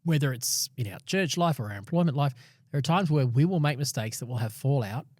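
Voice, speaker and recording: A man's voice: medium pitch, lively intonation, fairly quick, darkish tone, no echo, studio quality. A man co-hosting a podcast, readily agreeing and drawing practical life lessons from a Bible passage. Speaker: podcast co-host. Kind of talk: casual Bible discussion.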